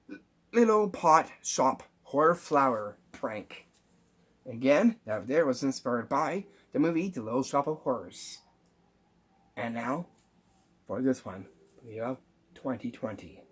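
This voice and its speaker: A man explaining how a magic prank is made, step by step, pausing often with ums. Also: mid-range voice, husky. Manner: unhurried, halting with many ums, explaining step by step. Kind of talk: magic trick tutorial.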